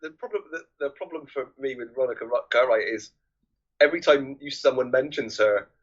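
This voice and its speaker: Lively, husky male co-host, bright tone, muffled lo-fi mic. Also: mid-range voice, brisk. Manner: animated, laughs often, acts out quotes. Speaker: podcast co-host. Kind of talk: casual film discussion. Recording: dull lo-fi mic.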